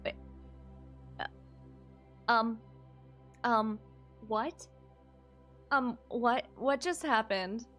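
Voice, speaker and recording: A young woman streamer chatting casually with her viewers, excitable and quick to squeal minced oaths. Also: on the high side, soft background music. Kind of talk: casual live-stream chat.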